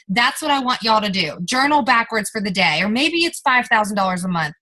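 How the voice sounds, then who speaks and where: A woman's voice: medium pitch, expressive, a little fast, hardly any pauses, bright, forceful tone, poor audio. A young woman giving an emphatic motivational training talk to her team, coaching and addressing listeners directly.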